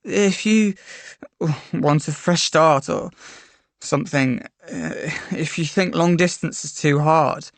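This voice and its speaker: A woman's voice: deep voice, slow pace, dry recording. A woman reading a story aloud and voicing a withdrawn teenage boy who mumbles and slurs his words.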